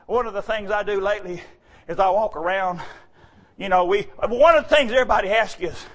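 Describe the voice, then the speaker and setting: High-voiced shouting preacher man. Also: fast. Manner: animated, often shouting, joking. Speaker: church speaker. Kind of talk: folksy joking sermon.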